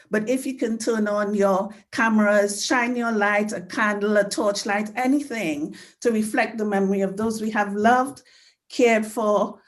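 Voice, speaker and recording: A woman hosting an online community remembrance event over a video call, earnest and heartfelt, still choked up with emotion. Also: mid-range voice. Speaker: host.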